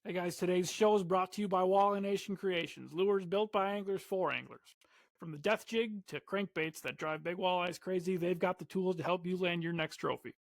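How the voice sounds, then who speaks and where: A man's voice: high voice, normal speed, creaky, no room sound. A man hosting a casual podcast interview, laid-back and encouraging, who also reads a sponsor spot. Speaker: podcast host.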